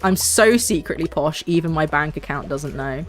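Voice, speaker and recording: A woman's voice: low-pitched, lively intonation, slow, pauses often, soft background music. A young woman, streaming a game and chatting casually in a rambling way, full of fillers. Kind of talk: casual gaming stream chat.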